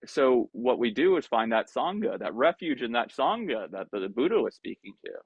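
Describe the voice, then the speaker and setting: A man giving a casual Buddhist talk on a video call, conversational and animated, acting out his own inner voices. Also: mid-range voice, moderate pace, breathy edge, no echo, lo-fi sound. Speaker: Buddhist teacher. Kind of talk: dharma talk to an online group.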